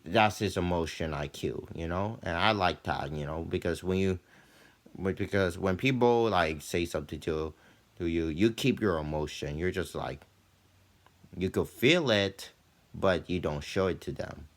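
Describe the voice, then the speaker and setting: A young man, a student, telling about his school day in a loose, rambling way full of "like" and "you know", often animated when he retells what happened. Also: sits low, unhurried. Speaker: student vlogger. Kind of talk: rambling casual storytelling.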